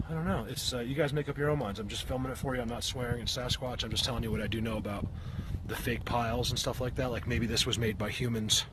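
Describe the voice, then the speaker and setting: A man filming an outdoor vlog on a mountainside, talking to his viewers excitedly and out of breath. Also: lowish voice, background noise. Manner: animated, talks to viewers while filming. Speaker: vlogger.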